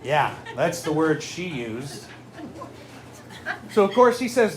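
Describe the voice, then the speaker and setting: A man in his thirties from Southern California doing a stand-up comedy set with a deadpan, self-mocking delivery. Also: fairly high pitch, takes it slowly. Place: live comedy venue with audience. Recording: noisy live room ambience. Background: audience laughter.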